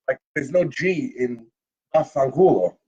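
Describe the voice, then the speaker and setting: A man's voice: medium pitch, slow pace, dark tone, slightly rough, highs cut off. A man from Long Island, a singer, chatting and joking as a podcast guest. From Long Island, New York. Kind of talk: casual chat.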